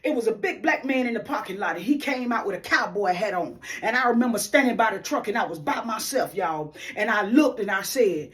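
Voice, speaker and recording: A woman telling her faith testimony to viewers in a preacher-like way, stressing her points and speaking to the audience as y'all. She often drops to a hushed, near-whispered delivery. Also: mid-range voice, lively intonation, brisk, few pauses.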